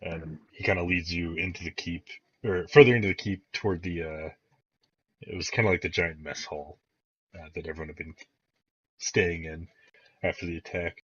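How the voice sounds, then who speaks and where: A man's voice: deep voice, fairly even intonation, normal speed, fairly bright tone, slightly rough, no echo. A man narrating as game master of a tabletop game, rambling with many fillers. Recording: dull, muffled dry recording.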